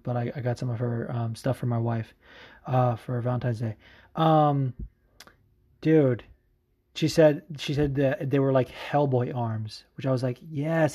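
A man hosting a podcast in a casual, excitable way, swearing freely and saying dude a lot, tired from a late session. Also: mid-range voice. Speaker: podcast host.

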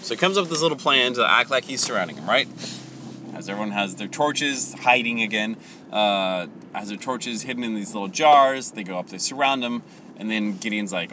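Animated man retelling a Bible story. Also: on the low side, normal speed, slight background noise. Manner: animated, laughing, corrects himself. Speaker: Bible teacher. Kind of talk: casual Bible teaching.

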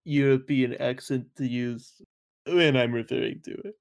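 A young American man co-hosting a podcast over a voice call, joking with deadpan asides and frequent giggles. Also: mid-range voice, normal speed, gravelly. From United States. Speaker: podcast co-host. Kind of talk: casual podcast chat. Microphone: computer mic over a voice call.

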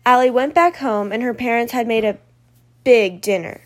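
Woman reading a story, slightly high voice. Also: normal speed. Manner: plain reading, casual with fillers when off script. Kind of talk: reading her own story aloud.

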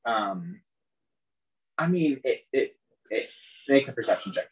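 A man's voice: medium pitch, animated, a little slow, noisy background. A man narrating as game master of a tabletop game, loose and rambling with many fillers.

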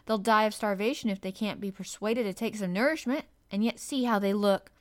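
A woman's voice: medium pitch, brisk, close to an everyday voice. A woman voicing an anxious, fretting nurse in a storybook reading.

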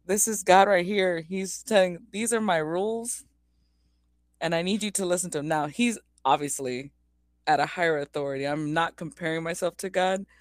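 A woman's voice: low-pitched, no room sound. Woman, podcast co-host; earnest, chatty storyteller, frequent restarts. Dry, close recording. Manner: talkative, tells stories with many restarts. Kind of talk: casual faith podcast chat.

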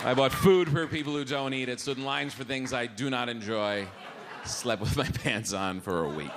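A middle-aged man performing a live stand-up routine, animated, acting out the voices of his family. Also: medium pitch, moderate pace, crowd noise. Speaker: stand-up comedian. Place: comedy club stage. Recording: live club with audible room noise.

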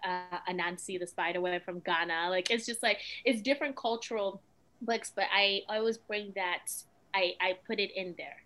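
A young woman from West Africa, a mother talking as a guest in a casual, expressive interview. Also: on the low side, poor audio. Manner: animated and expressive, with frequent "you know what I mean".

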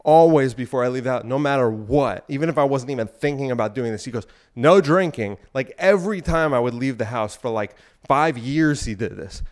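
Male podcast host, smooth resonant voice, slightly out of breath, rambling provocative monologue. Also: medium pitch, brisk, few pauses. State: out of breath while exercising.

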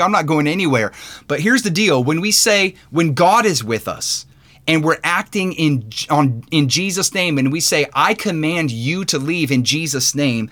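A man's voice: medium pitch, a bit bright. A man teaching in a podcast sermon, earnest and conversational, with many fillers and restarts. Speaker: podcast host and preacher.

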